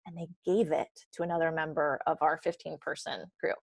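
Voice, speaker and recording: A young woman telling a story in a podcast interview. She is animated and jumps into the voices of the people she quotes. The sound is close and dry. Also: sits low, fairly quick, creaky, no room sound. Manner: animated, acts out quoted dialogue. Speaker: guest.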